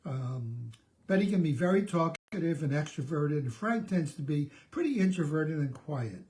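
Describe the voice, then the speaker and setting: A man's voice: fairly high pitch, expressive, normal speed, darkish tone. Man talking through self-help advice. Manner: conversational with frequent restarts and repeated words. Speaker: therapist. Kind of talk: solo self-help talk.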